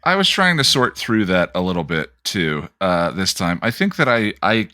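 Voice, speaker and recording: A man co-hosting a casual podcast discussion, thoughtful and analytical, pausing often as he builds his point. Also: low voice, very animated, bright, forceful tone, no echo, studio quality. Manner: thoughtful, analytical, hesitant with many pauses. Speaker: podcast co-host.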